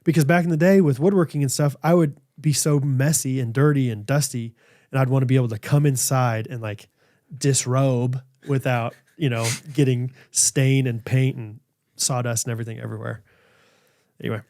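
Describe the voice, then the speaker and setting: A man's voice: medium pitch, normal speed, no room sound, clean studio sound. A man in his thirties co-hosting a podcast, rambling through stories with lots of fillers and reading ads in a casual way. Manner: rambling, animated storytelling with fillers. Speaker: podcast co-host. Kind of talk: casual chat with ad reads.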